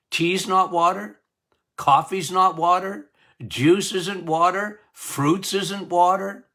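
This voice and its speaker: Hosting a health podcast as a doctor, a man hammers his points with emphatic repetition of key words and chuckles at his own jokes. He talks a little slowly in a high, bright, forceful voice.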